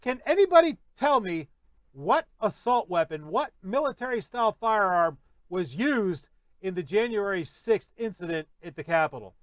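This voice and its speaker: A man hosting a podcast, hoarse from losing his voice, giving sarcastic, ranting commentary. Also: sits high, sing-song, moderate pace, fairly bright tone, no echo. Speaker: podcast host. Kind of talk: opinionated commentary.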